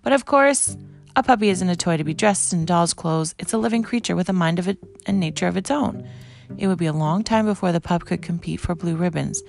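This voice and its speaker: A woman reading a children's storybook aloud in a gentle, even way. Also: fairly low pitch, a little fast, creaky, faint music behind. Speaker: narrator.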